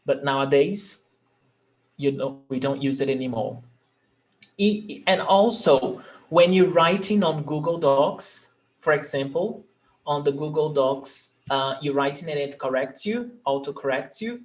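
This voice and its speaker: A man leads a live language class. He speaks very slowly and patiently, repeating each example word. His voice sits fairly high for a man. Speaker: language teacher.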